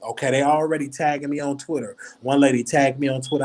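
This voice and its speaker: A man's voice: mid-range voice, fairly even intonation, fairly quick, few pauses, a little mellow. A man with a Southern US accent hosting his own show, rambling and chatty, a bit tipsy from drinking, talking at home at night. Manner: chatty, rambling, repeats words, laughs often. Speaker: show host. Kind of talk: casual livestream commentary.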